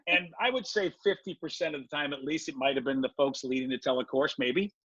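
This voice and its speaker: A man being interviewed on a podcast, telling a personal story in an animated way and acting out his own past words. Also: medium pitch, fast talker, highs cut off, noisy background. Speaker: guest.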